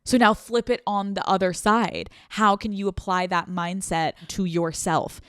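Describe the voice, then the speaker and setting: Brief: blunt, foul-mouthed woman podcast host at mid pitch, close mic, dry room. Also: fairly even intonation, a little slow, fairly bright tone, clear, resonant tone, no echo. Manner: candid and profane, acts out quoted voices. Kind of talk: casual solo podcast advice talk.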